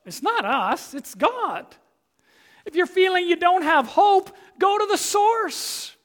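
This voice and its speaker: A male pastor delivers a sermon in an unusually high voice. He takes his time over each phrase, speaking with an unhurried, drawn-out pace. He is emphatic and direct with his congregation and presses his points home with rhetorical questions. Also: big pitch swings, fairly bright tone.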